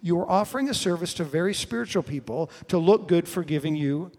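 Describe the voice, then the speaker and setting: Male preacher, fairly high voice, storytelling sermon, long hall reverb. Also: expressive, brisk. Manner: storytelling, acts out quoted voices with sudden shouts.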